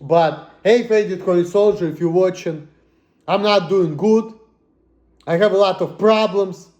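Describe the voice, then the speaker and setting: A high-voiced man rants to the camera, cursing constantly. He swings between low muttering and sudden shouts. The room around him gives the voice a noticeable echo. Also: measured pace, highs cut off. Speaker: vlogger. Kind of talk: angry personal rant.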